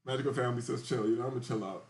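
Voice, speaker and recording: A man's voice: medium pitch, racing, darkish tone, a little hiss or hum. A young man telling a loose, slangy story in casual podcast chat, often checking in with the listener. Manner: loose and slangy, keeps asking "you feel me". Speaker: podcast host.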